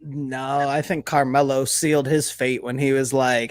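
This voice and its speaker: A man's voice: medium pitch, level tone, a little slow, few pauses, no echo. A man co-hosting a sports and beer podcast, ranting in casual profane banter and acting out mock quotes. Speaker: podcast co-host.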